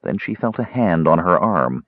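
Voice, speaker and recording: A man narrates a fantasy novel with expressive storytelling. His voice is low but moves a lot, and the recording is dry and dull. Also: moderate pace, dry recording. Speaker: audiobook narrator.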